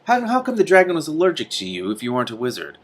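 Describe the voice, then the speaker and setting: A man reading aloud, voicing a suspicious, sharp-tongued young female fire witch who demands answers. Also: a little high, huge pitch swings, very fast, pitched above the performer's own voice. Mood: angry.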